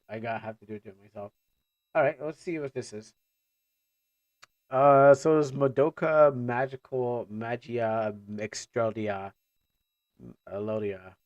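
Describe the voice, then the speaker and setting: On a live stream, a man chats loosely and rambles, restarting and stammering as he reacts and drifting into joking asides. His middle-pitched voice is recorded close and dry, lo-fi, with no room sound.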